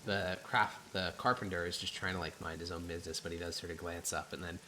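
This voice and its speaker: A man narrating as game master in a tabletop game, casual and halting with fillers. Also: low voice, level tone, crowd noise.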